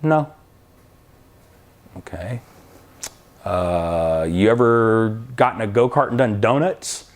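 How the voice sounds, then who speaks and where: A man's voice: on the low side, animated, slow pace, long pauses. A middle-aged man casually telling a drag racing story, acting out both sides of the dialogue as he goes. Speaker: drag racing school owner and crew chief.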